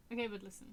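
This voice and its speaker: A young woman in her twenties streaming a game, chatting casually in a rambling, self-correcting way and laughing often. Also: heavy background noise. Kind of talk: casual gaming stream chat. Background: game music and keyboard typing.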